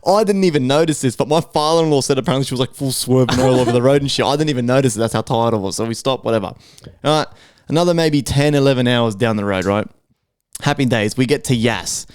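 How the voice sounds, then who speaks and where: Brief: Australian man, podcast co-host, clear smooth voice, swears freely while spinning a rambling yarn, close and dry sound. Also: medium pitch, fast talker, dry recording. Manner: profane, rambling anecdote full of acted-out quotes. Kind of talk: casual storytelling chat.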